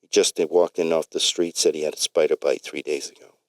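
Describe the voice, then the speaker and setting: A man's voice: a bass voice, little pitch movement, fairly quick, darkish tone, no echo. A man voicing an urgent, clinical female doctor in a read-aloud story. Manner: firm, clinical.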